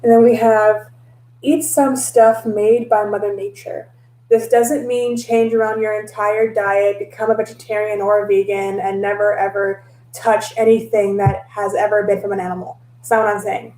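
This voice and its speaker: Cheerful chatty woman in an echoey room. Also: mid-range voice. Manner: animated, acts out her own past lines; laughs often, mixes in mild cursing. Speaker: tarot reader and vlogger. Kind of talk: casual storytelling vlog.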